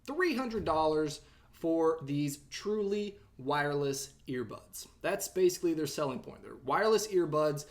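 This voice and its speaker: A young man hosting a tech review vlog, telling a story time review quickly and quoting himself in a raised voice. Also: fairly high pitch. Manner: animated, talks fast, quotes himself in a raised voice.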